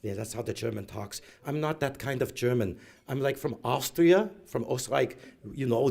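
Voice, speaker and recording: Middle-aged man, comic storyteller, animated, does his family's voices. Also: medium pitch, fairly quick, gravelly. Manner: animated, acts out relatives in quoted voices. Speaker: storyteller at a graduation event. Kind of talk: humorous personal storytelling. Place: event hall.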